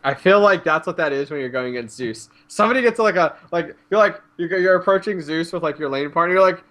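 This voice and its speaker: A man's voice: sits high, animated, fast, hardly any pauses, fairly bright tone. A man hosting a casual gaming podcast who talks through the patch notes, laughs often and acts out players' reactions. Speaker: host.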